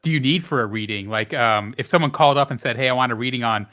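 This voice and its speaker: A man's voice: medium pitch, fast, pushed and bright. Offhand male co-host. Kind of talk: casual interview chat.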